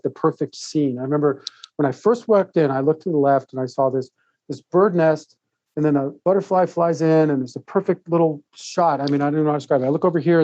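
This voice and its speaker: As a podcast guest, this author and speaker spins a long personal story in casual interview style, animated and rambling, with frequent laughter between thoughts. His warm, mellow voice sits a little higher than the typical man's. The audio is dry and a touch muffled, with no echo.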